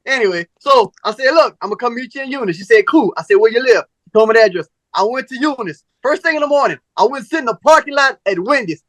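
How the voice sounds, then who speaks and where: Bright-voiced man telling a wild story. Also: extremely high pitch, quick pace, hardly any pauses, no echo. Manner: animated, profane storyteller, acts out both sides of conversations. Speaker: podcast host. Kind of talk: casual storytelling chat.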